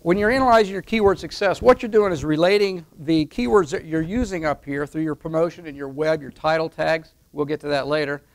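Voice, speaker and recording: A man with a slightly raised, gravelly voice walks through a list of business steps one by one. He talks in an emphatic teaching manner and keeps checking in with "okay?" as he points to a board. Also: a little high, brisk, few pauses. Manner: step-by-step, emphatic, repeats with "okay?". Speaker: online marketing consultant. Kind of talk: instructional talk at a whiteboard.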